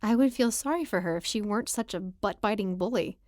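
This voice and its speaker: A woman reading a first-person romance novel aloud as audiobook narrator, in a lively, expressive style. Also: mid-range voice, brisk, no echo, studio quality.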